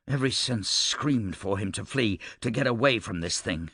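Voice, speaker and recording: A man narrating an audiobook in a steady, measured way. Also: lowish voice, vocal fry, dry recording, clean studio sound. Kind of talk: scripted narration.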